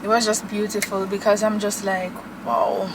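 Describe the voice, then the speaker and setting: A woman's voice: mid-range voice, little pitch movement, normal speed, background noise. A young woman, chatting and gushing to camera as a vlogger from her car. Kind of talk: casual chat to camera.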